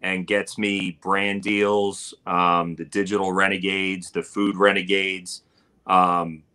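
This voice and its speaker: A man's voice: low-pitched, little pitch movement, slow, pushed and bright, smooth. A man talking casually as a guest in an interview, rambling with plenty of fillers as he tells a story. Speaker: barbecue cook and guest. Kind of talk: casual live-stream interview.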